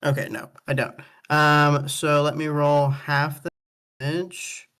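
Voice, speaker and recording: A tabletop player who gives halting, helpful rules reminders to the group. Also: medium pitch, little pitch movement, fairly bright tone, clean tone. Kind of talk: tabletop game play.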